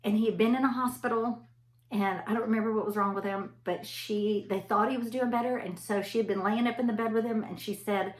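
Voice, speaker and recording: A woman's voice: a little high, fairly even intonation, a little fast. A middle-aged woman, a chatty storyteller talking straight to her listeners in a casual motivational talk. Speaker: anesthesia provider. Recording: echoey room.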